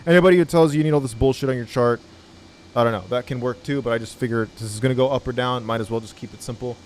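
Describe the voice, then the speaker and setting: A man's voice: mid-range voice, rapid-fire, darkish tone. A man giving a casual trading tutorial in a blunt, laid-back manner, swearing freely. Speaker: trading educator.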